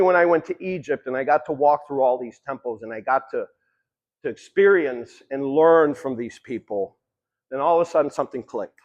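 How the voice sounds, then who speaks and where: A man's voice: on the high side, rough recording. A man giving a long-winded, conversational motivational talk about addiction, swearing casually as he tells stories. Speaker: speaker.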